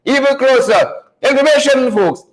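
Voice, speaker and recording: A man with a high-pitched voice hosts a live news commentary show. He sounds folksy and a little preachy, repeating lines and calling out to his viewers as he goes. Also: normal speed, low-quality recording. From Guyana. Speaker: show host.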